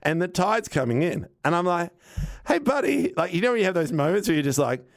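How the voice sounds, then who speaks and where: A man, telling a casual, animated anecdote on a podcast, acting out what people said and swearing now and then. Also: on the high side, fast talker. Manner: animated, rambling anecdote with acted-out quotes and swearing. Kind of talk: casual storytelling chat.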